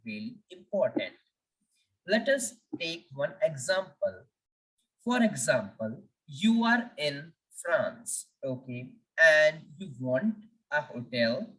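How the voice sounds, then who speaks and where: Slow, patient woman teaching letters. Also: extremely low pitch, big pitch swings, a bit bright, far from the mic, poor audio. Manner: patient, drills letters one by one and asks for repetition. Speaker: French teacher. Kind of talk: slow teaching, repeating each letter for learners.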